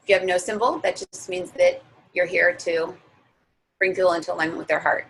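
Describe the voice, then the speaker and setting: A woman's voice: on the low side, steady tone, a little fast, vocal fry, fairly bright tone, a little hiss or hum, low-quality recording. A young woman leading a guided visualization class in a casual, chatty way, full of filler words. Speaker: spiritual teacher leading a guided meditation.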